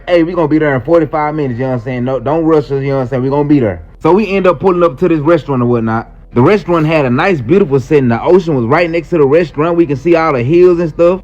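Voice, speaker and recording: A man casually telling a wild personal story in slangy speech, acting out the quoted lines. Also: fairly high pitch. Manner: animated, slangy, acts out quotes. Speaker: storyteller in a clip. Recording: muffled clip with faint music.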